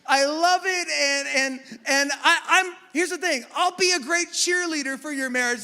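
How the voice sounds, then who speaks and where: A man preaching a conversational sermon as a pastor, animated and joking at his own expense. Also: extremely high pitch, unhurried, hardly any pauses. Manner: animated storytelling with self-deprecating humor. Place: church sanctuary. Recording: long hall reverb.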